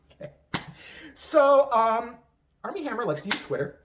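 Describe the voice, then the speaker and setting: A man's voice: very high-pitched, sing-song, normal speed, a bit bright, recorded from a distance, a little hiss or hum. A man hosting a podcast, ranting in a profane, self-mocking, comedic way. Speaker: podcast host. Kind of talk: casual comedic rant.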